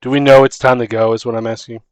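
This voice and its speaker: A man's voice: mid-range voice, level tone, quick pace, dry recording. A man playing a tabletop game, chatting casually and rephrasing his questions. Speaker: player.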